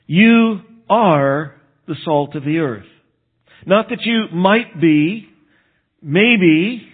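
A man from Texas, a pastor, preaching a sermon in a conversational way and slowing down to stress key phrases. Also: high-pitched, breathy edge. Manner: conversational preaching, slows for emphasis. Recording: phone-like narrow band.

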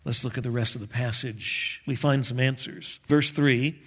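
A man preaching a sermon as pastor, measured and earnest with light touches of humor. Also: mid-range voice, fairly even intonation, slightly rough.

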